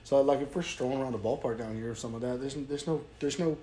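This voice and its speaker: A man's voice: medium pitch, slight background noise. A young man with a Southern US accent, telling stories in a casual podcast chat and acting out the people in them. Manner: fast-talking storyteller, animated quoting. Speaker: podcast guest.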